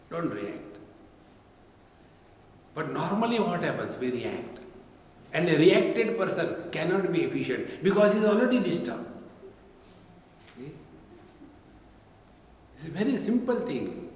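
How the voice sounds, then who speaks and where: A man's voice: fairly high pitch, slight background noise. A man giving a humorous spiritual discourse as a swami, often checking in with "See?". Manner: humorous, keeps asking "See?". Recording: echoey hall with long reverb.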